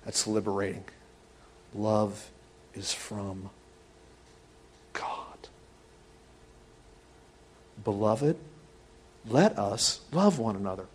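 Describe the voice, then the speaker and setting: He's a middle-aged man preaching as a pastor, his lowish, slightly rough voice taking things slowly with long pauses. With plenty of animation, he tells stories and acts out each person's voice.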